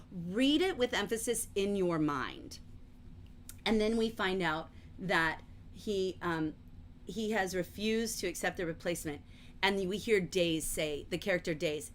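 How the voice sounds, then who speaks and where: A middle-aged woman teaching a livestreamed literature lesson, chatty and explanatory, often filling pauses with "um" and "like". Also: on the low side, lively intonation, slight background noise. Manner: chatty, explanatory, frequent fillers like "um" and "like". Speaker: teacher leading a novel study.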